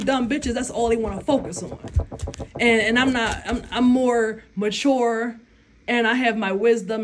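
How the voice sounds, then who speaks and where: A young adult woman chatting casually on her vlog, blunt and profane, laughing often as she answers questions. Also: a little high. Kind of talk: casual chat.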